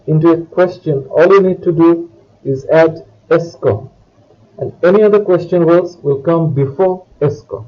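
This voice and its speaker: A man's voice: fairly high pitch, moderate pace, muffled recording. A man teaching a language lesson, explaining each point in a scripted way and reading example phrases aloud. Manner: reads French words and phrases for the listener to repeat. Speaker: French teacher.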